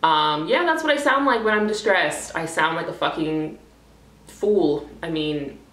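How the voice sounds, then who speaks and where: A woman's voice: sits low, lively intonation, unhurried, a bit bright. A young woman talking candidly to her camera in a rambling vlog, swearing freely and full of fillers. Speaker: vlogger. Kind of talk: casual talking-head vlog. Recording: echoey room, voice a bit far from the mic.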